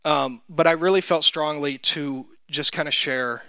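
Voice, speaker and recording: A man's voice: on the high side, a little slow, sharp tone, smooth, no room sound. A young man from Mississippi, telling a personal story in a sermon with many fillers. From Mississippi, USA. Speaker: church speaker. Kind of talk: sermon testimony.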